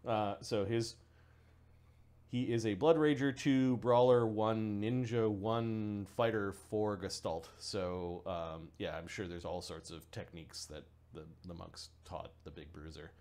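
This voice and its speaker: A man playing a tabletop role-playing game, describing his character in a relaxed, rambling way with casual swearing. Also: lowish voice, measured pace. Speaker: player.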